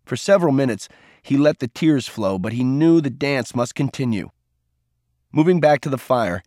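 A man narrating a novel in a steady, measured audiobook reading. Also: mid-range voice, dry recording, studio quality.

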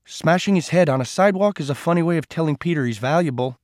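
A man's voice: a little high, fast talker, a little mellow, no echo, clean studio sound, voice pushed up, lightly acted. A man reading a stern, grave older man. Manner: blunt and reproachful.

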